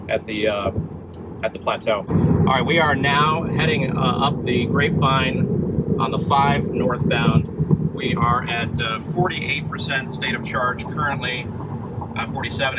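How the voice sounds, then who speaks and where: A man's voice: mid-range voice, very noisy. A middle-aged man hosting a casual travel vlog, chatting in an upbeat way with plenty of fillers. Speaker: vlog host. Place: in and around a car at a charging station.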